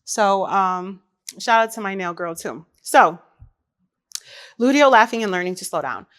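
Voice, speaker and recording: A woman, a mother, hosting her own podcast in casual chat, talking lively and straight to the women listening. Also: medium pitch, unhurried. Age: adult mother. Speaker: podcast host.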